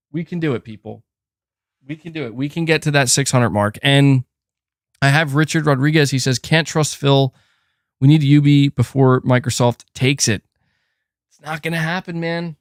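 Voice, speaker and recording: On a dry recording, a man with a somewhat high voice chats loosely while hosting a casual gaming livestream. He sits close to a desk mic and keeps breaking off to coax his cat.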